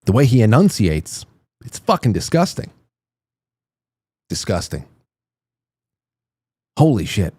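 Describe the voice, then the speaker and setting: A man's voice: fairly low pitch, mellow, breathy edge, dry recording. Indignant, profane male commentary host. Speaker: show host. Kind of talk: opinionated political commentary.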